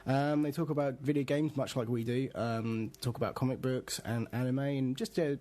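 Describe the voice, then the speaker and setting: A man's voice: medium pitch, steady tone, moderate pace, mellow. A man with a British accent co-hosting a gaming podcast, bantering playfully, swearing freely and often breaking into giggles. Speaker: podcast co-host.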